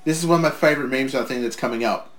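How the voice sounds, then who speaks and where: A man co-hosting a wrestling watch-along, joking loudly and shouting along with the match in casual banter. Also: mid-range voice, rapid-fire, a little hiss or hum. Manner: loud, jokey, shouts at the screen.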